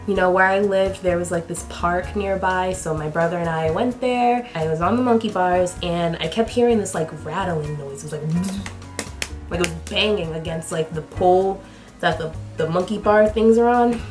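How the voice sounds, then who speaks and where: A woman vlogger telling a storytime with animated, chatty delivery, full of fillers, acting out the people in it. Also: on the low side, moderate pace, soft background music. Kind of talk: storytime vlog.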